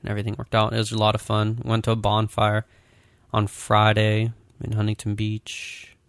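Male podcast co-host, low and gravelly, loose storytelling delivery, dry sound. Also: monotone, moderate pace, no echo. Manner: rambling anecdotes with frequent "like". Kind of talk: casual chat, storytelling.

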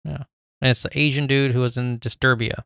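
A man co-hosting a podcast in a relaxed, joking back-and-forth. His mid-range voice has a gravelly fry to it. The recording is dry, with no room sound. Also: medium pitch, brisk, no room sound. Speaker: podcast co-host. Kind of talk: casual chat.

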